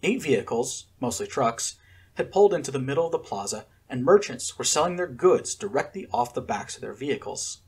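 A man narrating a fan-fiction story as an expressive audiobook reader. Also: mid-range voice, brisk, breathy edge.

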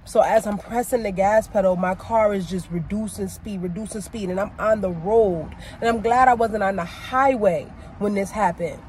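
A woman's voice: mid-range voice, normal speed, few pauses, darkish tone. A woman vlogging from her car, venting angrily about a breakdown and later chatting with relief to her viewers. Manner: frustrated, venting, swearing. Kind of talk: casual vlog rant to camera. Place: in a car by the roadside, then driving. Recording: faint car and street noise.

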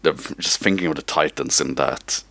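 A man co-hosting a casual podcast, excitable, stammering and swearing as he geeks out. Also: a bass voice, moderate pace, vocal fry, no room sound. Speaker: podcast co-host. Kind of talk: casual chat.

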